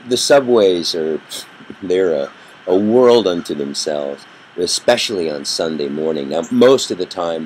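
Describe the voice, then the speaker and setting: Deep-ish guy telling a story to teach a lesson, very lively, goes loud then quiet, faint hum behind. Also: low-quality recording. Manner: animated storyteller, rising and dropping his voice for effect. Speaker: communication workshop teacher.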